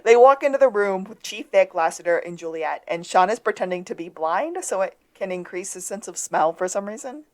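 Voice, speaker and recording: A woman co-hosts a podcast and walks through a TV episode scene by scene. Her pitch sits in the middle range and her delivery is casual and chatty. Now and then she briefly acts out lines from the show. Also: expressive, fairly quick, hardly any pauses, a little mellow. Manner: retells scenes, acting out quoted lines. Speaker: podcast co-host. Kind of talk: casual episode recap chat.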